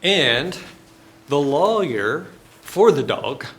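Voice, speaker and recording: A man's voice: on the high side, big pitch swings, drawn-out words, a bit bright, a little hiss or hum. A man, a business professor lecturing in a folksy, joking, conversational storytelling manner.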